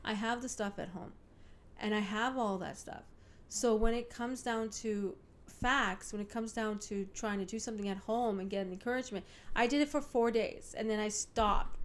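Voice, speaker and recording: A middle-aged woman talks through her podcast at home in a loose, rambling way, full of ums and likes. Her voice is smooth and clear, sitting at an ordinary pitch for a woman. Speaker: podcast host. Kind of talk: casual solo podcast chat. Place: home, by a window.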